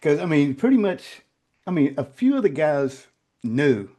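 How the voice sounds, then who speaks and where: Older man with a warm voice. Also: on the high side, big pitch swings. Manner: halting, repeats words and restarts, grows quiet and choked when emotional. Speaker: guest. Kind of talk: emotional interview storytelling.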